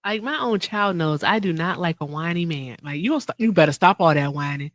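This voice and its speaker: A woman's voice: lowish voice, animated, fairly quick, no room sound, studio quality. A woman hosting a casual livestream chat, blunt and emphatic, repeating her points. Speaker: livestream host.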